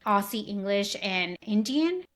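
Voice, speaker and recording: Woman host, mid pitch, chatty and full of fillers. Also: expressive, unhurried. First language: Spanish. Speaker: podcast host. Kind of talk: casual interview chat.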